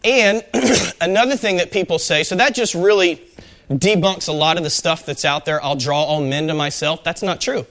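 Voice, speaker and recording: A man with a slightly high, somewhat bright voice teaches a small-group Bible study at normal speed. He talks conversationally, uses frequent fillers, and puts questions to the group.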